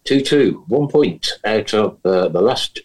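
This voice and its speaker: A man's voice: lowish voice, expressive, takes it slowly, darkish tone, slightly rough. A man hosting a casual chat podcast over a video call, jokey and teasing, with sing-song announcer flourishes. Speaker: podcast host.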